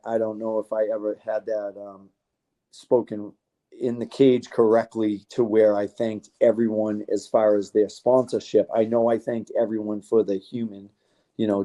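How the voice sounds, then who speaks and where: A man talks as an interview guest, his voice very dark and mellow and sitting a little low. He rambles in a heartfelt way, swearing casually as he goes.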